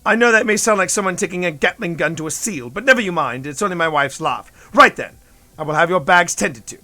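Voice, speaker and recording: A man's voice: sits high, expressive, fairly quick, pushed and bright. A man voicing a pompous, snobbish male hotel clerk who speaks in a clipped, condescending way. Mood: bossy.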